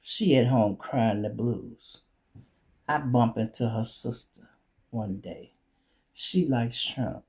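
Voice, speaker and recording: A man's voice: mid-range voice, slow, long pauses, a little mellow. A male show host telling a blunt, profane comedic story in a streetwise manner.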